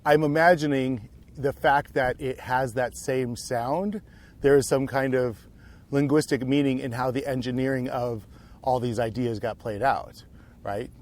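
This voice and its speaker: A man's voice: medium pitch, fairly even intonation, unhurried, a little mellow. A man co-hosting a podcast, rambling and musing aloud in casual chat while hiking outdoors on a trail. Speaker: podcast co-host.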